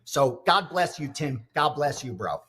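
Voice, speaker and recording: A man's voice: mid-range voice, big pitch swings, a little slow, a bit bright, breathy edge. A man on a sports betting show who reads off his picks and then tells a story in a fervent, preachy way. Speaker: sports handicapper. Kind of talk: reading picks, then casual chat.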